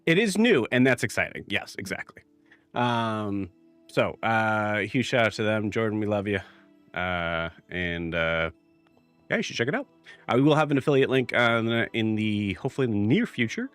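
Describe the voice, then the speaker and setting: A man's voice: lowish voice, expressive, normal speed, a bit bright, smooth, faint music behind. A man hosting a live tabletop game stream, giving rambling announcements full of filler words before the session. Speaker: game master and show host.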